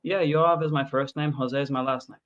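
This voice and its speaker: A man's voice: medium pitch, fairly even intonation, a little fast, fairly bright tone. Hesitant man on a dull call line. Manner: hesitant, explains with fillers. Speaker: guest caller. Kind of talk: casual chat.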